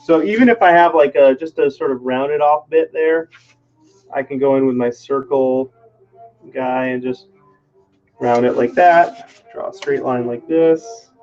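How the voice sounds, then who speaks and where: A man hosts a live stream from his home workshop, chattily thinking aloud as he works and making self-deprecating jokes. He speaks at medium pitch and a measured pace, with a darkish tone. The highs are cut off, and faint music plays behind him.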